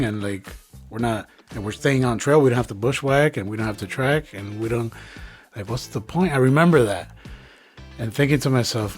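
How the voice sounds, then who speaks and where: A man's voice: on the low side, fairly quick, soft background music. A young man in a casual comedic vlog, talking outdoors on a trail with joking, rambling, slangy asides. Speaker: backpacking vlogger.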